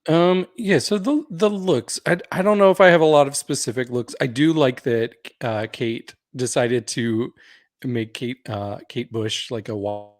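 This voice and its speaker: Mid-pitched man in casual podcast chat. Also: fairly even intonation, a little slow, no echo, clean studio sound. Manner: conversational, laughs along, hedging fillers. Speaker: podcast co-host. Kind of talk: casual reality-TV recap chat.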